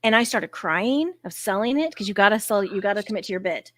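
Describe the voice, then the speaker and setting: A woman's voice: mid-range voice, fast talker, dry recording, clean studio sound. Profane joking woman podcast host. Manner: profane, joking, deadpan bits. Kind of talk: casual chat.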